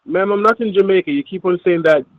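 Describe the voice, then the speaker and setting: Calm, insistent man on a muffled call. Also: high-pitched, fast. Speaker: phone scammer. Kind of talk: phone call.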